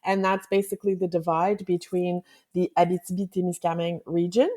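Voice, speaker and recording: A woman's voice: on the low side, little pitch movement, fairly quick, warm tone. Friendly woman from Quebec as guest. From Quebec, Canada. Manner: friendly, explanatory, teasing. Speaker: travel blogger guest. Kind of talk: podcast interview.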